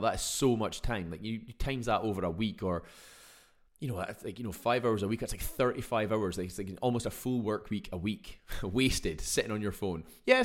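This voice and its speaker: A young man hosting a casual solo podcast, chatty and exclamatory with mild swearing. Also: on the low side. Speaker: podcast host.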